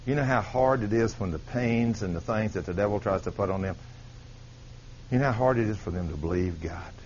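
A man's voice: on the low side, fairly quick, a little mellow, muffled recording. Man, preacher, storytelling sermon, faint hiss in the background. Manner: storytelling preacher, quoting dialogue, rising to emphatic peaks. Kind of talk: sermon with personal testimony.

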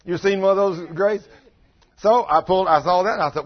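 An older man with a drawl delivers a homespun sermon, spinning stories and bursting into loud acted-out quotes. His voice is husky. The recording is dull and lo-fi. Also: on the high side, animated, fast. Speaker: preacher. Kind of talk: folksy sermon with storytelling. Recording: dull lo-fi sound.

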